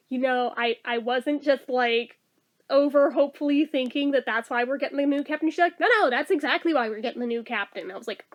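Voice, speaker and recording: A young woman vlogging a story in casual chat, excited and swearing freely as she quotes herself and her coworker. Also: high-pitched, highs cut off.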